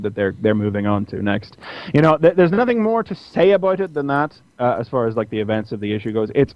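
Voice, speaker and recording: A man co-hosting a podcast, casually retelling a comic with many restarts and fillers. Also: dry recording. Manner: animated retelling, puts on squeaky voices for characters. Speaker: podcast co-host reviewing comics. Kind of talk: casual chat. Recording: dry, dull lo-fi audio.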